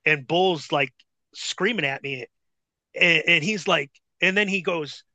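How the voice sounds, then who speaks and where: A man, a former wrestler, casually telling a profane, animated story as a podcast guest. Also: fairly high pitch, a little slow, dry recording.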